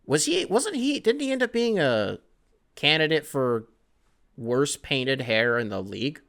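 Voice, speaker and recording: A man's voice: fairly high pitch, very animated, unhurried, creaky, a bit bright. A man hosting a casual sports podcast, talking in a loose, rambling way and swearing freely. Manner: loose, rambling and profane, self-described scatterbrained. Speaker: podcast host.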